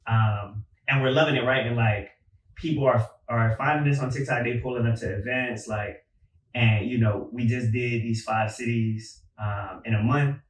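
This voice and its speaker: Relaxed man telling stories, roomy. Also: mid-range voice, normal speed, a little hiss or hum. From Philadelphia. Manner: relaxed, storytelling with filler words. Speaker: podcast guest. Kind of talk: casual conversation. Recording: roomy sound from a distance.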